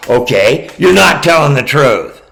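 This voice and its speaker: A man's voice: fairly high pitch, very animated, unhurried, vocal fry, a bit bright, a little hiss or hum, low-quality recording. A man giving ranting true-crime commentary, combative and profane, talking straight at the person he criticizes. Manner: combative, profane, addresses his target directly.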